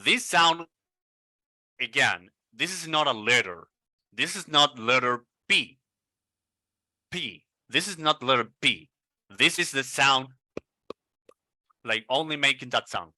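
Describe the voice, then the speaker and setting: Slow, bright-voiced man drilling word sounds. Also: medium pitch, animated, no room sound. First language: Spanish. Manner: slow, repeats words over and over to model sounds. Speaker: English pronunciation coach. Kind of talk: online pronunciation lesson. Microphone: video call.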